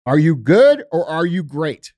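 Brief: middle-aged male podcast host, high voice, blunt swearing rants, dry close sound. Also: very animated, measured pace, warm tone, no echo. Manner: profane, blunt, emphatic ranting. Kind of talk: casual podcast chat.

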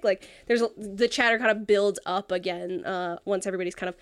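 A woman running a tabletop role-playing game as game master, narrating scenes in a relaxed, easygoing way. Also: medium pitch, fairly quick, smooth.

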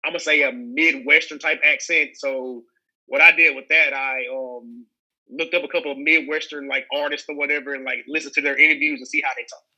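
A man's voice: on the high side, steady tone, fairly quick, sharp tone, poor audio. A young man from the American South with a Southern accent, an actor chatting casually in an interview, rambling with many restarts and fillers. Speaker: actor guest.

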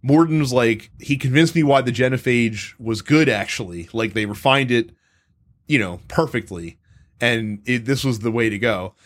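A man co-hosting a casual talk about video games, with a voice of middling pitch. He tells long stories in a rambling, profane way and stops and restarts often. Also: moderate pace. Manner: rambling, profane, animated storytelling with frequent restarts. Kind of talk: casual gaming chat.

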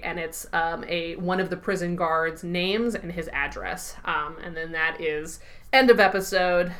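A woman co-hosting a podcast, recapping a TV episode in casual chat, animated, laughing often and swearing easily. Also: on the low side, unhurried.

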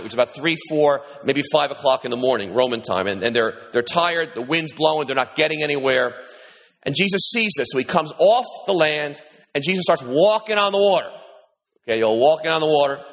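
A man preaching a sermon as pastor, animated and repeating himself, his voice lifting when he quotes Jesus. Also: fairly quick. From New York. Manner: animated, repeats words, rises in pitch when quoting Jesus. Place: large hall with congregation. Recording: echoey hall, dull sound.

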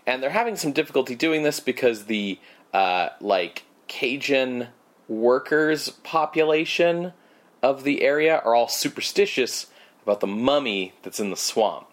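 Speaking a little slowly in an expressive mid-range voice, this podcast co-host recaps a movie casually. His chat wanders, loaded with filler words and sarcastic remarks.

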